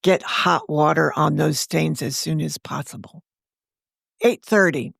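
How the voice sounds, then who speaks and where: Wry, measured woman author narrating; gravelly, dry close mic. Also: deep voice, fairly bright tone, no echo. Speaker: author narrating her own story. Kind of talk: scripted storytelling narration.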